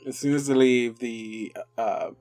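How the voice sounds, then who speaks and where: A man's voice: mid-range voice, darkish tone. A man, narrating casually as game master, often restarting his sentences. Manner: casual, halting, many restarts.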